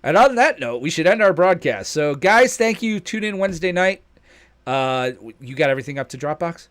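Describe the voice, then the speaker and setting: A man co-hosting a casual podcast chat, telling stories with lively delivery and putting on voices for quotes. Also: on the high side, a little fast. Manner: animated storyteller, puts on voices when quoting. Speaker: podcast co-host.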